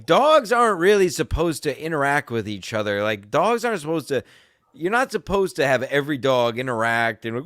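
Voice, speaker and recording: This podcast host tells a story as a crude, combative, profane rant in casual conversation. His voice is on the high side and very animated, fairly bright, at normal speed, captured in a dry, studio-quality recording.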